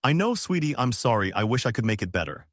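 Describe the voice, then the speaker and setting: Male reader as a gentle, weary middle-aged father, dry close sound. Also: medium pitch, very animated, fast, no echo. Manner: soft and careful.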